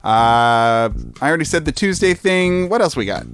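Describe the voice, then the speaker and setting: A man's voice: a little high, animated, normal speed, a bit bright, soft background music. A man co-hosting a casual comedy podcast, joking around and often breaking into laughter. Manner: giggly, jokey, acts out little bits. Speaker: podcast co-host.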